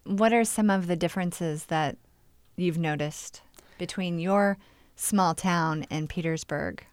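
A woman's voice: on the low side, slow pace, clean tone, no echo. A woman radio interviewer who reads scripted narration and asks plain, curious questions.

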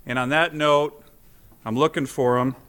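A man's voice: medium pitch, fairly even intonation, unhurried, a bit bright, clear, resonant tone. A middle-aged man, a senator, giving a formal speech to a legislative chamber, telling anecdotes with self-deprecating jokes.

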